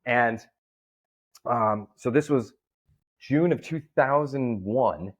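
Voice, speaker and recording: Taking it slowly in a mid-range voice, a man tells a story as a guest in a casual interview, acting out the voices of those involved. He is a comedian and promoter, and an animated storyteller.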